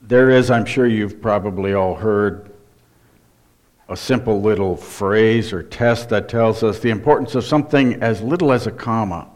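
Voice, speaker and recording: Man, pastor, sermon, deliberate emphatic delivery, low voice. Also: darkish tone. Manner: slow, deliberate preaching with strong emphasis.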